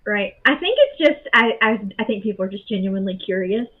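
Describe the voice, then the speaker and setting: Guest: Southern-accented woman, husky, chatty and friendly, heard over a phone-like line. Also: medium pitch, brisk. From Southern United States. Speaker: podcast guest. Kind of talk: casual interview chat. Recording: phone-like call audio.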